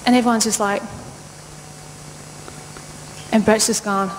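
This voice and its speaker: A woman pastor telling a lively personal story in a sermon, laughing often and acting out the voices of the people in it. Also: medium pitch, quick pace. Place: church auditorium. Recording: long church-hall reverb, faint noise.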